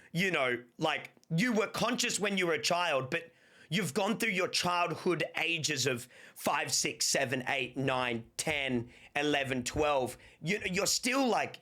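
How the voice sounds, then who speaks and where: A man, chatting casually and telling rambling stories on a livestream with lots of slang. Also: mid-range voice. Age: 30s. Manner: rambling, animated storytelling with playful slang. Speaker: streamer.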